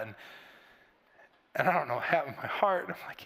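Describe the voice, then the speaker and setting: Middle-aged pastor guy preaching, kinda high voice, loose chatty storytelling, big church echo. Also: brisk, fairly bright tone. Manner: conversational, storytelling with frequent restarts and asides. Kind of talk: sermon. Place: large church auditorium.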